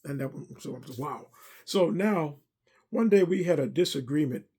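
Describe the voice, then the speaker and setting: A man's voice: a little high, lively intonation, normal speed, dark tone, husky. A middle-aged man speaking earnestly and a little preacherly as he gives a personal testimony about serving as a pastor's driver and armor bearer. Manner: earnest, preacherly, repeats himself.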